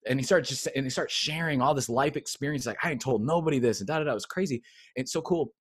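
A man's voice: mid-range voice, quick pace, husky, no room sound, clean studio sound. A middle-aged man, a coach and guest on an interview show, telling a personal story in a casual way and acting out the voices of people he quotes. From United States. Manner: animated storyteller who acts out quoted voices.

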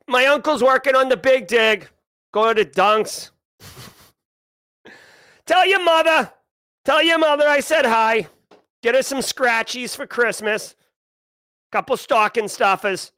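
A man putting on a brash, chatty Boston local with a thick Boston accent, talking in loud, rapid-fire banter. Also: extremely high pitch, no echo, clean studio sound, heavily acted.

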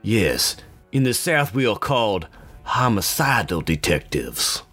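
A man's voice: lowish voice, very animated, unhurried, pushed and bright, faint music behind, full character voice. A man voicing a male Southern homicide detective with a theatrical drawl. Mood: scheming.

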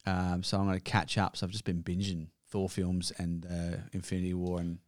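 An Australian man, a podcast guest, chatting casually and excitably, swearing freely as he rambles. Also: sits low, a little fast, dry recording, studio quality. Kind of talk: casual chat.

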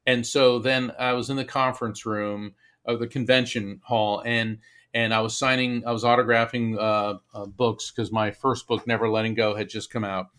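A man's voice: medium pitch, normal speed. Earnest man retelling a personal story. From Florida. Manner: earnest, animated retelling with many restarts. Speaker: medium and author, interview guest. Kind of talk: storytelling in a conversational interview.

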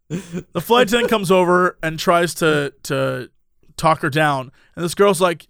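Man, high voice, animated storyteller, acts out voices, dry close sound. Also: unhurried, gravelly, no echo. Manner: lively, acts out the people in his story. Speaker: storyteller on a podcast. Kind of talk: animated anecdote.

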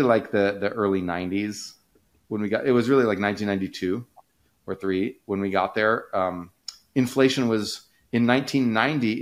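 Podcast co-host, male, lowish pitch, chatty, rambling explainer. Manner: rambling, restarts, many fillers, animated pitch jumps. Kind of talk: casual conversational explainer.

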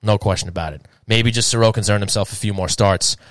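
A man's voice: fairly low pitch, no echo. A man co-hosting a casual sports talk stream, rambling with lots of fillers. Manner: animated, fast, filler-heavy rambling. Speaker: podcast co-host.

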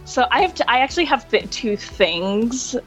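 A woman guest in a casual interview, telling lively stories, laughing often and acting out voices. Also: a little high, normal speed, lo-fi sound, faint music behind. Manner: animated, laughs often, acts out quoted voices. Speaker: interview guest, hotel hospitality worker.

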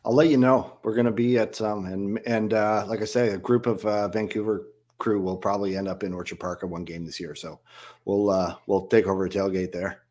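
Easygoing low-voiced male guest. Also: brisk. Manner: relaxed, easygoing, many fillers. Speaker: guest, fan club president. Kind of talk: casual interview chat.

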